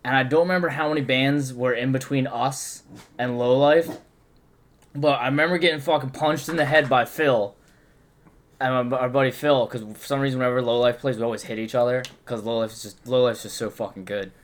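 A man's voice: medium pitch, brisk. A young man telling a rowdy story in a casual chat, swearing often and acting out his friends' lines. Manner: swears constantly, animated when quoting friends.

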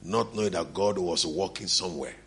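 A middle-aged pastor's voice sits low, creaky and a bit bright, and he talks a little fast. In his sermon he tells stories, acts out what the people in them say, and laughs between lines.

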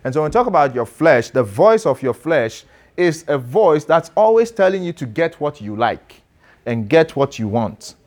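A man's voice: a little high, sing-song, moderate pace, darkish tone. Conversational male pastor teaching a class. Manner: conversational, asks listeners questions and calls on them to read. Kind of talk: interactive sermon.

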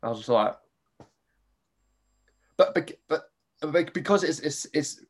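A man hosting a podcast, telling a story in a lively casual way, swearing freely and acting out his own reactions. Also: fairly high pitch, slow, slightly rough. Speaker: podcast host.

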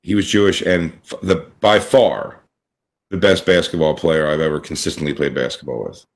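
A man in casual podcast chat who rambles with halting restarts. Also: extremely low pitch, fairly even intonation.

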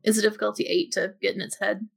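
A woman's voice: mid-range voice, little pitch movement, fast, gravelly, breathy edge. A woman playing in a tabletop game, chatting casually and a little self-deprecating. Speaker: player.

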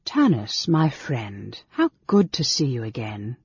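A man reading an audiobook voices a calm, menacing male elf mage who speaks gently and softly, in a husky voice. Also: medium pitch, slow, no echo, highs cut off, exaggerated voice. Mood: gentle. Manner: gentle, soft-spoken.

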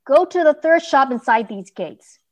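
A brusque, loud town guard barking at a child, as a woman reader puts him on. The voice is pushed up and forceful, a storybook soldier. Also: high voice, animated, moderate pace, pitched above the performer's own voice. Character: gruff adult male town guard.

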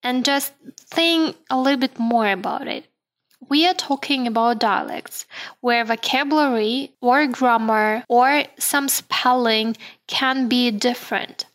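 A woman hosting a solo podcast who explains things in a measured way and speaks directly to her listeners. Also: fairly high pitch, a bit bright. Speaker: podcast host.

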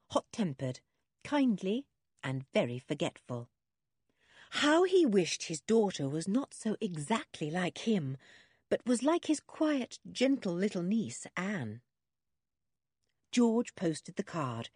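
Lady reading a kids book out loud, husky voice, lots of ups and downs, dry close sound. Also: on the low side, no room sound. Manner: expressive, animated reading. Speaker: narrator. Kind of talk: storybook reading.

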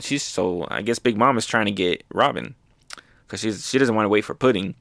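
Excited young man recapping comics. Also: fairly low pitch, fairly quick, vocal fry, dry recording. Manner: excited, loose, lots of fillers. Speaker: manga reviewer. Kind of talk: casual recap.

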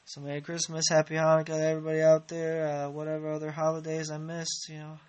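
A man's voice: a little high, monotone, fast talker, a little mellow. A man hosting a podcast, chatting in a rambling, laid-back way with chuckling asides. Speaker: podcast host. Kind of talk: casual rambling chat.

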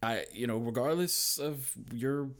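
A young man telling stories as a podcast guest, lively and quoting people in put-on voices. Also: medium pitch, unhurried. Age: young adult. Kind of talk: casual storytelling chat.

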